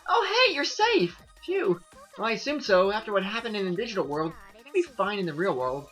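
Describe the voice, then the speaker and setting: A man's voice: high voice, sing-song, brisk, fairly bright tone, faint music behind, low-quality recording. A man voicing a bubbly, nervous teenage girl from a game, reading her lines aloud in a chirpy, breathless way.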